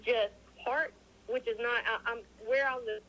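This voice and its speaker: A woman's voice: a little high, measured pace, low-quality recording. A woman recounts her experiences to a host in a loose, chatty way. She slips into the voices of the people in her story and often restarts her sentences. The sound is a little thin, like a call line. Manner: animated, acts out quoted dialogue, frequent restarts. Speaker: interview guest. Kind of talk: casual storytelling.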